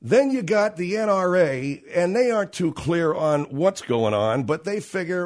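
A man's voice: sits high, sing-song, measured pace, few pauses, darkish tone. A man hosting a talk radio show, delivering an opinionated, sarcastic monologue and acting out the voices of people he quotes.

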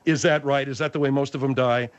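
A man's voice: mid-range voice, steady tone, fast talker, muffled recording. A man hosting a comic radio talk show, sardonic and argumentative with his callers.

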